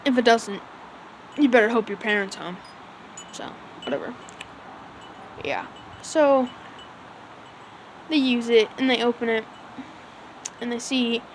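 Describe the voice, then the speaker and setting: Woman, fan recapping a story, loose casual delivery, rambling with filler words, voice sits a touch high. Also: slight background noise, low-quality recording. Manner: rambling, full of "like" and "so yeah". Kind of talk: casual retelling.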